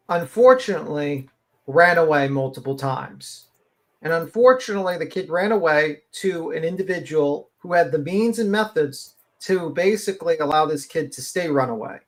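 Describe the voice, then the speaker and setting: A man's voice: on the high side, lively intonation, moderate pace. A man giving blunt, profane, rambling commentary as a guest on a live-stream panel.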